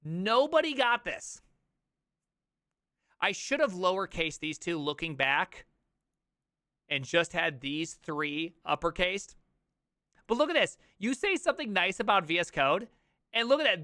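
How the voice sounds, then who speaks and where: A man streaming live, reacting to a video with sarcastic rants and mock sales pitches. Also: sing-song, a little slow, pauses often, sharp tone, dry recording, studio quality.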